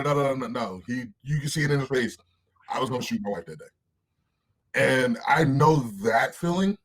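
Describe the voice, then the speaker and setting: A man in his thirties, a podcast guest telling candid stories in an animated way, swearing freely and acting out other people's voices. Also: medium pitch, unhurried, husky. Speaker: interview guest.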